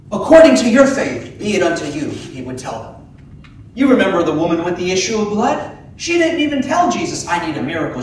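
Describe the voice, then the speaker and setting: A man preaching a sermon as pastor, animated, acting out the voices of biblical figures. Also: extremely high pitch, slight background noise. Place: church sanctuary. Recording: echoey church from a distant mic.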